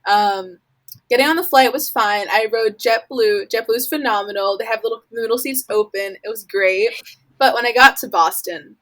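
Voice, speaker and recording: A woman's voice: on the high side, normal speed, a bit bright, low-quality recording. Young woman, college-age, from Florida; casual rambling storyteller, heavy "like" filler, plays out her own reactions. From Florida, USA. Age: young adult. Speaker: college student guest.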